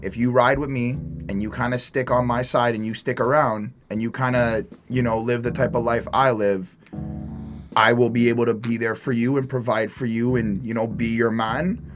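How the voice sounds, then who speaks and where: A man's voice: mid-range voice, steady tone, normal speed, music in the background. A man co-hosting a podcast, chatting loosely through an album review and reading lyrics aloud. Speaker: podcast co-host. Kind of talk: casual album review chat.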